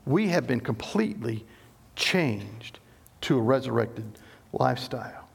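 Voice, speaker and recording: A man's voice: medium pitch, sing-song, measured pace, creaky, breathy edge. A middle-aged man preaching a sermon, explaining scripture emphatically and often restarting his sentences. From Southern United States. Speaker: pastor.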